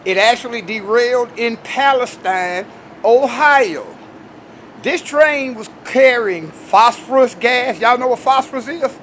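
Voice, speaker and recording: A man hosting his own video channel, talking straight to his viewers in an animated, emphatic casual commentary. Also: very high voice, measured pace, a little hiss or hum. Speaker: video host.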